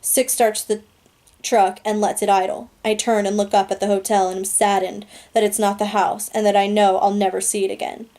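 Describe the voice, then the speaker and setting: A woman reading a novel aloud in a steady, earnest storytelling manner. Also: medium pitch, moderate pace. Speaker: audiobook reader.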